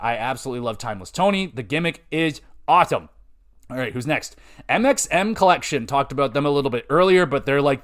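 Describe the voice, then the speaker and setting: This podcast host is a young man whose fairly high voice sounds smooth. In casual conversation he gets excited, rambles, curses without restraint, and fills gaps with filler words.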